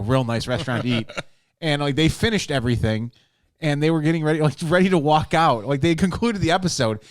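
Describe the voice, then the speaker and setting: A man's voice: fairly high pitch, dry recording, clean studio sound. A man co-hosting a casual podcast, often laughing as he tells stories. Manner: laughs while telling stories. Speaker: podcast co-host. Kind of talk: casual chat.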